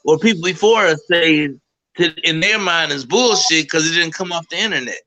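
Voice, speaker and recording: A man's voice: fairly high pitch, moderate pace, sharp tone, poor audio. A man co-hosting a casual chat, agreeable but blunt, swearing casually. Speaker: podcast co-host.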